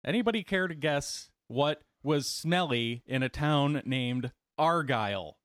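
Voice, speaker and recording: A man's voice: a little high, animated, fairly bright tone, no room sound, clean studio sound. Jokey male podcast co-host. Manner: jokey, reads news items with pauses. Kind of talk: casual news chat.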